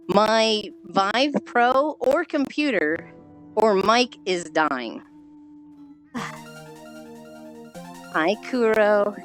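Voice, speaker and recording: Squeaky-sounding woman streamer, sighing a lot. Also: lively intonation, slow, pauses often, faint music behind, poor audio. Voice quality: squeaky, chipmunk-like through a failing mic. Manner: sighs often, swears casually, greets viewers by name. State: walking on a treadmill while talking. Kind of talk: casual live-stream chat. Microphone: VR headset mic.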